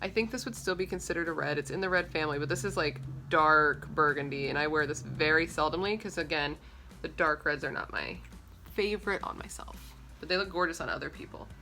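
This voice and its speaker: Young woman chatting to her camera, joking around, bright voice, bit of background hiss. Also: low voice, fairly quick. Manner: chatty and playful, jokey asides. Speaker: beauty vlogger. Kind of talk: casual chat to camera.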